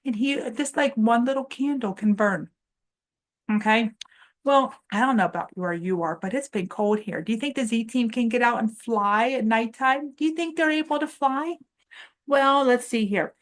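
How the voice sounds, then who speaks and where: A woman's voice: fairly high pitch, moderate pace. A woman hosting a preschool morning lesson, coaxing young children through upbeat call-and-response chants. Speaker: children's show host.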